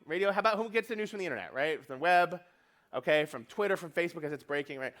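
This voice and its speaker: A slightly high, lively, a bit bright voice belongs to a New York man giving a funny keynote at a conference. He's brash and fast-talking, profane and joking, acting out quotes along the way.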